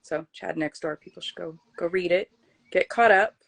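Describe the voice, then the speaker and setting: A woman's voice: fairly low pitch, normal speed, creaky, poor audio. Woman, host, casual book talk, gushing and full of restarts.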